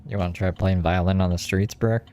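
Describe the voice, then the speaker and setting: A man's voice: low-pitched, fairly even intonation, fairly quick, darkish tone, clear, resonant tone. A man hosting a reaction video, scolding with sarcastic, profane remarks. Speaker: host reacting to a clip. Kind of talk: reaction commentary.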